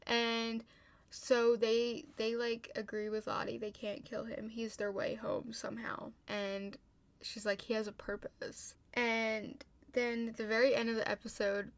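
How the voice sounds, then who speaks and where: A woman's voice: on the high side, little pitch movement, measured pace, no room sound. A young woman casually recapping a TV episode, chatty, swearing often and filling her sentences with "like.". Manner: chatty, heavy "like" fillers, frequent swearing. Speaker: TV show recapper.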